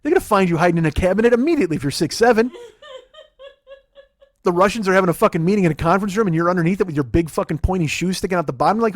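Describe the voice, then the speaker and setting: A man's voice: high voice, no room sound. A man hosting a podcast, telling rambling comic stories in casual chat, full of swearing. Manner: profane, rambling, jokey storytelling. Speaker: podcast host.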